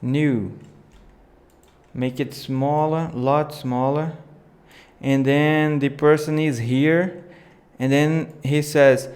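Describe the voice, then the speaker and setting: A man hosting a live video editing tutorial, thinking aloud in unhurried, with small slips. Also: a little high, steady tone, darkish tone. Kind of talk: live screen-share tutorial.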